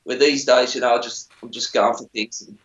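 Brisk and a bit bright, this middle-aged musician's medium-pitched voice keeps a steady tone. Appearing on a TV singing show, he tells chatty, rambling, self-deprecating stories in a casual interview. The recording is dull, roomy and lo-fi.

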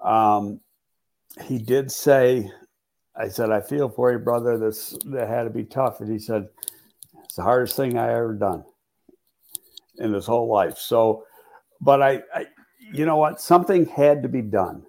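A man co-hosting a football podcast, speaking in a measured, hesitant way with many restarts. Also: mid-range voice, a little mellow. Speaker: football analyst, co-host. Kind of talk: casual football talk.

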